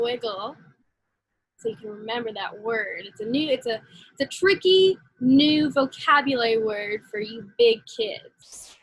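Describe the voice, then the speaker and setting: A woman teaching a phonics lesson to young children, slow and encouraging. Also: fairly high pitch, fairly bright tone, slightly rough, no room sound, poor audio.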